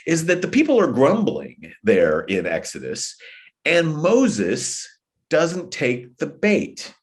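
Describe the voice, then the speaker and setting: A man giving a sermon-style plenary talk to church leaders, telling stories and acting out the voices of the people he quotes. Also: medium pitch. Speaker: guest speaker at a church meeting.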